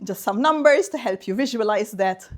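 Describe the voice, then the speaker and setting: A woman's voice: mid-range voice, animated, normal speed. Lady lecturing, bouncy up and down voice, jokey teacher vibe. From Malta. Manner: playful, drilling the audience in phrases. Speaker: guest speaker. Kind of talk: university seminar talk.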